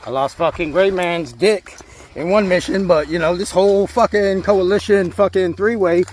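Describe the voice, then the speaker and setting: A man with a somewhat raised voice talks through his airsoft mission outdoors, swearing nonstop and rambling as he jokes. He often sinks into a low whisper. A light outdoor hiss sits under his voice. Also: fairly even intonation, normal speed, darkish tone. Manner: swears constantly, rambling and joking. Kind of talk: casual profane game narration. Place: outdoors in woods.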